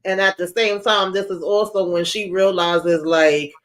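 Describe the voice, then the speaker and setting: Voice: medium pitch, steady tone, a little slow, a bit bright. A livestream host in casual chat about a TV episode, talking freely and acting out quotes with laughs along the way. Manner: chatty, acts out quotes with laughs.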